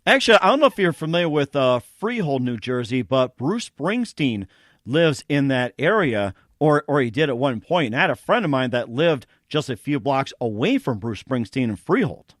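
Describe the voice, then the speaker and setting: A man's voice: mid-range voice, very animated, moderate pace, no echo, studio quality. A man hosting a casual interview, who keeps adding "as well, too" to his sentences. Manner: repetitive phrasing, leans on "as well, too". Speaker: show host.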